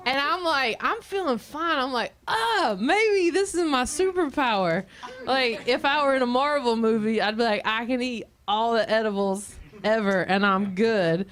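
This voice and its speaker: Comedian woman, slightly high voice, lively storyteller who laughs through her tale. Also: moderate pace, few pauses.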